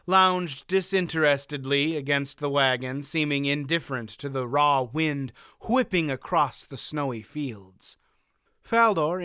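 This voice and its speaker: Bright crisp male audiobook narrator. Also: a little high, no echo, studio quality. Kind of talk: scripted narration.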